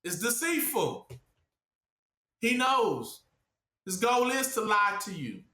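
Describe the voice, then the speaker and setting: Man, informal preacher, high voice, asks listeners to fill in words, echoey room. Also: very animated, slow, bright, forceful tone. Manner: asks the audience to fill in the word with "what?".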